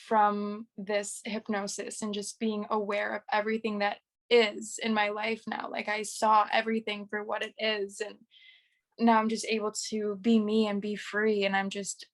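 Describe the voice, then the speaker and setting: A woman in her twenties, a guest in a casual interview, talking in a gushing way and saying "like" a lot. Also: mid-range voice. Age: 20s. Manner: gushing, says "like" often. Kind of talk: casual chat.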